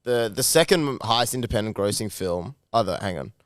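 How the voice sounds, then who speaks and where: A man's voice: lowish voice, animated, a little fast, dry recording, studio quality. A man on a podcast reading out figures in a matter-of-fact, hesitant way. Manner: matter-of-fact, hesitant while looking things up. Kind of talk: casual chat.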